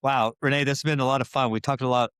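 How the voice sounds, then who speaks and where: A man's voice: medium pitch, fairly even intonation, very fast, fairly bright tone, smooth, no room sound, clean studio sound. A man hosting a podcast, asking rambling questions and summing up the talk with frequent restarts. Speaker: podcast host. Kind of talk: casual podcast interview.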